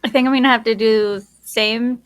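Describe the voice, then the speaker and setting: A woman's voice: fairly high pitch, steady tone, moderate pace, no echo. A woman co-hosting a casual podcast, playful and cheeky as she gives her picks. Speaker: podcast co-host.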